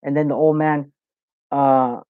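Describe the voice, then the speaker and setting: A man's voice: mid-range voice, flat delivery, unhurried, no echo. A man hosting a live Q&A, chatting loosely and profanely, telling stories and reading viewer comments. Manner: loose, profane, storytelling with lots of "you know". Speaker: host of a live Q&A show. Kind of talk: casual livestream chat, reading viewer comments. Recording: dull lo-fi, dry sound.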